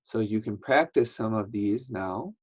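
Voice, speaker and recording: A man teaching a slow English lesson to young learners, patient and repetitive, acting out sounds as he explains. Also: lowish voice, darkish tone. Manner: patient, repeats words, acts out sounds.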